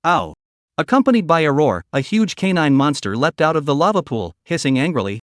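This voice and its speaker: A man narrating a scripted story recap in a steady, even reading voice. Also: on the high side, brisk, no room sound, studio quality.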